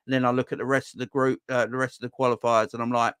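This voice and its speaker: Fan-channel host, casual comment-reading chat, dry close sound, voice leaps up when riled. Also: male voice, quick pace, few pauses, clean tone, no room sound. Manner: animated, voice jumps high when ranting.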